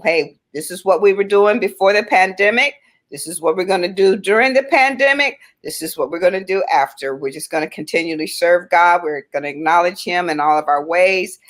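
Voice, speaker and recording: A woman hosting a faith-based talk show, speaking in an encouraging, affirming way and often answering with "right". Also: fairly low pitch. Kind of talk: faith-based casual chat.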